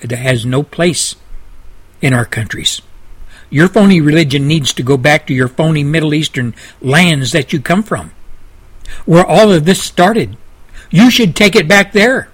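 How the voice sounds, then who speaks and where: An older man hosting a radio show, delivering a fiery, preachy monologue with swings between loud and low intensity. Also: poor audio. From Southern United States.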